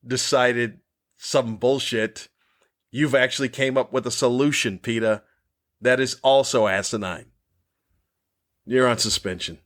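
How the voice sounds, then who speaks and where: Man, comedian, podcast host, cranky, profane, exasperated, mocking, ranting monologue. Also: lowish voice. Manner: mocking repetition of questions.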